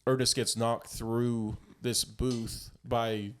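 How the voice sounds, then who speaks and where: Podcast co-host, man, mid-pitch, animated movie recap, casual. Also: takes it slowly. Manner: animated retelling of movie scenes. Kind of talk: casual chat.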